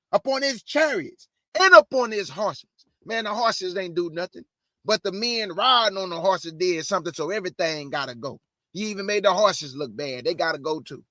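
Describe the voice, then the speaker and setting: A man with a very high, bright, forceful voice preaches, swinging from solemn scripture reading to loud, slangy exhortation. The close mic sounds dry and direct, with no room around him. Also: normal speed, dry recording. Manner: animated, shouting bursts, slangy asides. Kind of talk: energetic street-style Bible preaching.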